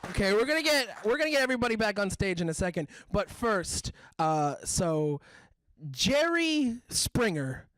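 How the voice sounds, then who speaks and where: A woman hosting a variety show, excitable and gushing between acts. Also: mid-range voice, normal speed, no room sound. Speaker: host.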